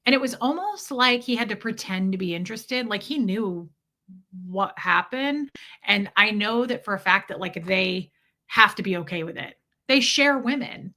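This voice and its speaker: A woman frankly telling a painful personal story, uneasy and halting at times, with some swearing. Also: medium pitch, lively intonation, bright, forceful tone. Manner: uneasy, halting and self-correcting.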